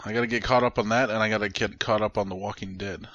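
Low-voiced dude on a podcast, dry mic, laid-back and kinda shrugging about stuff. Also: male voice, fairly even intonation, fast talker, a bit bright, no room sound, muffled recording. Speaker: podcast co-host. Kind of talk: casual podcast chat.

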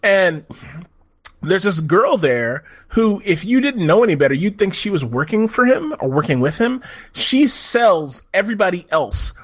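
Man, podcast host, casual chat, profane, animated, slightly high pitch. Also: normal speed.

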